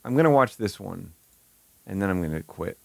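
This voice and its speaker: A man's voice: deep voice, animated, a little fast, creaky, no room sound. A man streaming live, reacting to a video with incredulous, stammering, profane commentary. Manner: incredulous, swearing, stammering with bursts of laughter.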